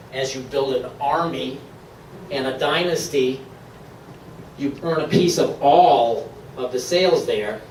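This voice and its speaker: Upbeat man pitching in an echoey room. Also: far from the mic, slight background noise. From Maine, USA. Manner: upbeat, persuasive, laughs often. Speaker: presenter at a sales meeting. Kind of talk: sales pitch to a live room. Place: meeting room.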